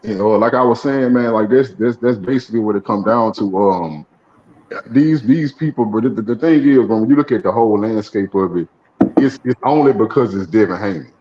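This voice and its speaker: A low-voiced man calls in to a boxing talk show and argues his point emphatically. His audio comes through dull and muffled from an online call. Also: normal speed. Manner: emphatic, argumentative. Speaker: caller. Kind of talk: casual chat.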